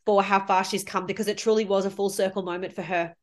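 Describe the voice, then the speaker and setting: A woman's voice: mid-range voice, fairly even intonation, quick pace. A woman hosting her own podcast as a money mindset coach. She speaks in a heartfelt, effusive, spiritual coaching manner. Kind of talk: solo podcast monologue.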